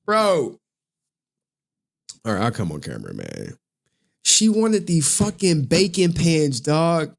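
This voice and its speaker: A man's voice: fairly high pitch, wildly swooping pitch, slow, vocal fry, long pauses. A man in his forties hosting a casual livestream, swearing often, laughing through his words and getting emotional. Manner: profane, laughing, emotional, slangy. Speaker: livestream host.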